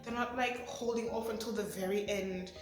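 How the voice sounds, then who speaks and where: A woman in her twenties talking through a show review, excitable and rambling with lots of fillers. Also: mid-range voice, moderate pace. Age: 20s. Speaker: vlogger. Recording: echoey room, faint music.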